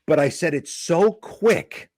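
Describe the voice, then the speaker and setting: Brief: fifties New man, comic storyteller, lively swinging pitch, dry close sound. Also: slow, no echo. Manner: animated anecdote teller, acts out quotes. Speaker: comedian guest. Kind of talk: podcast storytelling.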